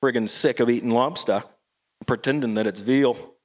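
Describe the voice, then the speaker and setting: A man voicing an older, rough-spoken fisherman hermit with a Maine accent, spinning a folksy rhyming yarn. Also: medium pitch, moderate pace, natural voice. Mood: wry.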